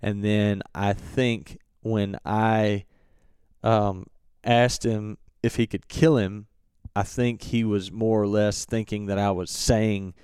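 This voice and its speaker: A young man telling a hunting story in a relaxed, halting way with many fillers and restarts. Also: fairly low pitch, clear, resonant tone, no room sound, studio quality. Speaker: turkey hunter recounting a hunt. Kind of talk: casual storytelling.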